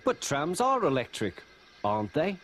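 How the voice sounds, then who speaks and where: Excited little girl as a man puts her on, pleading, voice pushed way up high. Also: normal speed, a little hiss or hum. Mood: eager. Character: eager little girl, young child.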